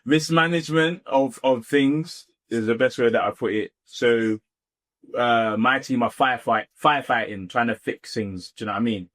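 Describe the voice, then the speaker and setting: A man co-hosting a podcast in casual chat, laid-back and quick to laugh. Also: mid-range voice, a bit bright. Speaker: podcast co-host.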